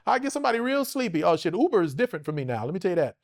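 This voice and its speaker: A middle-aged man from Los Angeles, a guest telling stories in a casual, profane interview and acting out the voices of people he quotes. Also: high voice. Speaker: actor guest.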